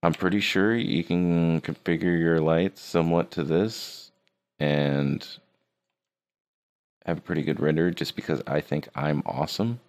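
A man's voice: deep voice, unhurried, a little mellow. A man teaching a 3D rendering class in a casual screen-recorded tutorial, joking and teasing his students as he works. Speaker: 3D art teacher.

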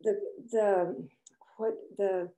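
An older woman with a light Spanish accent telling a group about her own experiences, halting and nervous, with many restarts. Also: mid-range voice, fairly even intonation, dark tone. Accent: Spanish-accented English. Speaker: church discussion speaker. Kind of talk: personal testimony to a group. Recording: echoey room.

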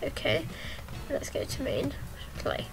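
A woman's voice: takes it slowly, slight background noise. A woman giving rambling, hesitant gameplay commentary with lots of ums, breaking into yelps and exclamations as the game action happens. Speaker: gameplay channel host.

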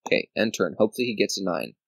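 Rapid-fire and expressive, this man's lowish, gravelly, slightly rough voice narrates his own board game video game play. He counts squares out loud, talks to himself, and grumbles in mock anger at his opponent, all on a rough recording with no echo.

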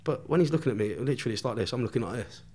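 A man with a mid-range voice tells a wild story in casual chat, swearing with nearly every breath and laughing at his own tale. His telling is loose and animated, full of restarts. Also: medium pitch, rapid-fire, husky. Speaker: podcast guest.

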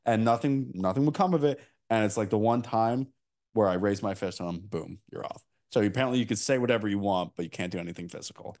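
A man's voice: fairly low pitch, fast talker, a little mellow. A man from New Jersey hosting a casual podcast, telling stories in a blunt, profane way. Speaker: podcast host.

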